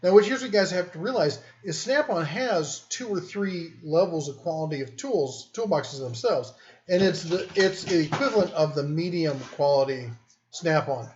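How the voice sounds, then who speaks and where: A fairly high-voiced man hosts a relaxed livestream from his den, rambling and cracking jokes between viewer comments. The home stream audio is dull and lo-fi. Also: moderate pace, slight background noise. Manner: joking, rambling, reads viewer comments aloud. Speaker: livestream host. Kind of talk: casual livestream chat.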